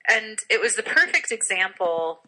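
A woman's voice: mid-range voice, big pitch swings, normal speed, sharp tone, poor audio. A woman co-hosting a podcast in casual chat, talkative and self-deprecating, laughing often. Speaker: podcast co-host.

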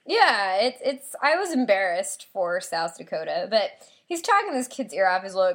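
A woman co-hosts a podcast in easy, casual chat. She tells animated stories and laughs often. Her voice sits at a middling pitch. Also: normal speed, few pauses. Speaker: podcast co-host.

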